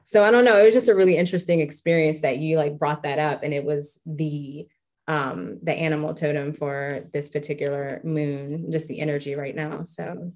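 Woman, low pitch, relaxed casual co-host, filler-heavy delivery. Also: moderate pace. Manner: relaxed storyteller, many "like" fillers. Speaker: podcast co-host. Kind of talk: casual chat.

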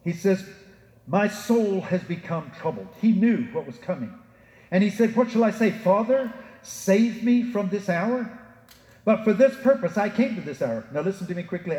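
A man preaching a sermon as pastor, emphatic, rising for quotations and dropping low to address the listeners directly. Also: a little mellow. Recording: echoey hall with long reverb.

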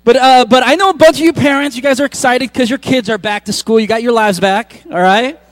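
High-voiced man preaching a casual sermon. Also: a little fast, no room sound. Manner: conversational, joking asides with frequent restarts. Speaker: pastor. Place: church.

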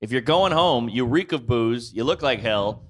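A man's voice: medium pitch, normal speed. A man hosting a podcast, telling a comic story with lots of energy and acting out screams along the way. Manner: loud excitable storyteller who acts out screams. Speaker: podcast host. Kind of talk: animated comedic storytelling. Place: on-the-road recording with guests.

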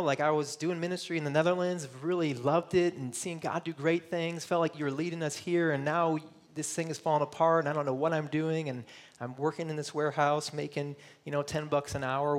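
A man's voice: fairly high pitch, normal speed. A middle-aged man from Michigan preaching a sermon, earnest and personal, voicing searching questions and at times close to tears. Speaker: pastor.

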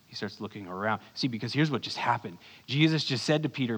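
A man's voice: expressive, quick pace, breathy edge. Earnest male pastor in a reverberant hall. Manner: earnest, swings between urgent bursts and hushed low lines. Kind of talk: sermon.

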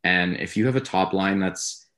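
A man co-hosting a podcast, talking through his views in a casual, rambling, measured way. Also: low-pitched, a bit bright. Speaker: podcast co-host. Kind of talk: casual sports talk.

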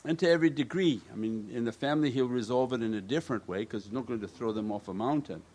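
Man, religious teacher, calm measured sermon voice, answering questions. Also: medium pitch. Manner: calm, repetitive, with Arabic prayer phrases.

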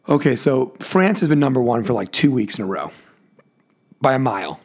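A man's voice: medium pitch, sing-song, a little fast. A man hosting his own podcast alone, rambling casually with joking asides, his voice worn out and tired. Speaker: podcast host. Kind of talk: casual solo podcast monologue. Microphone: adjusting a desk mic himself.

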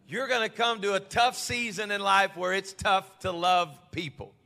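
A male pastor telling stories in a sermon, then building to passionate shouted preaching in a church. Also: high-pitched, fairly even intonation, normal speed, creaky, in a large hall.

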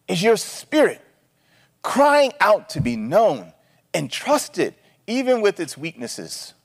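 A male pastor preaching a sermon in an animated, conversational way, often checking in with "right?". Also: a little high, in a large hall.

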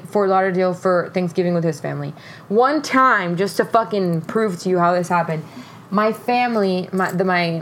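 A young woman co-hosting a casual podcast, telling a story in an animated way, with frequent swearing and laughter. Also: medium pitch, slight background noise. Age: young adult. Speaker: podcast co-host.

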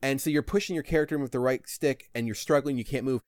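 A man's voice: medium pitch, fast talker, a little mellow, no echo, studio quality. A man co-hosting a podcast about a video game, talking emotionally and swearing as he retells scenes. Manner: emotional, swears, restarts often. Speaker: podcast co-host. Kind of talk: casual game discussion.

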